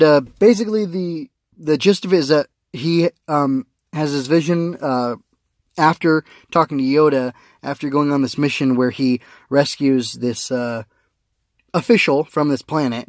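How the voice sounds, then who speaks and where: A man's voice: on the high side, no room sound, studio quality. A man giving a casual spoken review of a comic, rambling with many fillers and restarts, recorded on a phone.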